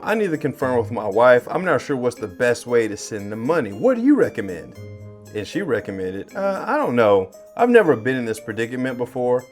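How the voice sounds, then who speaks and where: Animated man telling a scam story. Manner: lively, swings pitch and loudness when acting out chats. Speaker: cybersecurity vlogger.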